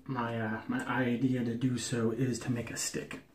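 A man's voice: medium pitch, level tone, normal speed, darkish tone. An American man chatting casually to camera about wet shaving, with a jokey, rambling manner full of fillers. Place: bathroom at the sink. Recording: echoey bathroom.

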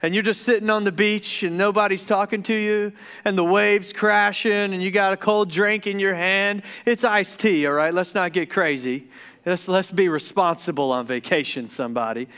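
A man from the Deep South preaching a casual, joking sermon as pastor, who stumbles over his words when excited. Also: moderate pace, clear, resonant tone. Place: church sanctuary.

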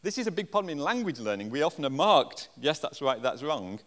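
English man, conference talk, lively swooping delivery, slightly high voice, self-mocking jokes, long hall echo. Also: fairly quick. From England. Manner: animated, jokey, self-deprecating. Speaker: conference speaker. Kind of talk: conference presentation.

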